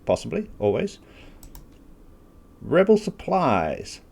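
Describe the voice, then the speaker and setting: A man's voice: a little high, huge pitch swings, slow, gravelly, a little mellow, slightly rough. A man hosting a gaming channel, talking casually through a strategy game walkthrough, thinking aloud with self-deprecating asides while he has the hiccups. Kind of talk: gameplay walkthrough commentary.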